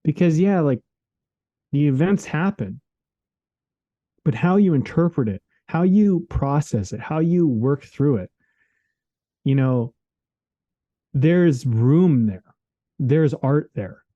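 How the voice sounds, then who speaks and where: A man's voice: on the high side, animated, slow, pauses often, warm tone, dry recording, lo-fi sound. A man co-hosting a podcast, talking in an earnest, rambling, casual way, full of "like" and "man", recorded remotely. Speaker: podcast co-host. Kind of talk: casual reflective conversation. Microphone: remote call microphone.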